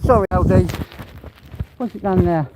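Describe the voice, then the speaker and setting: A man's voice: high voice, normal speed, very noisy. An English man live-streaming as he walks his dog outdoors, chatting and rambling to viewers, out of breath, often laughing and greeting people by name. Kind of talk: casual chat to live viewers while walking.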